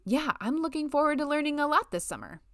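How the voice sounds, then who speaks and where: A woman's voice: high-pitched, big pitch swings, fast, fairly bright tone, no echo, studio quality, voice pushed up. A woman voicing a young female grad student who stays carefully polite and restrained. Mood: forced cheer.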